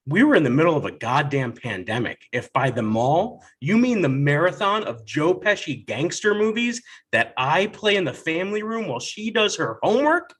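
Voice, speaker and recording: Brief: lively thirties male comic, slightly high voice, acts out family scenes with big pitch swings. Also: normal speed, hardly any pauses, husky. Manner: animated storytelling, acts out family dialogue. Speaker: stand-up comedian. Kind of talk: stand-up comedy set.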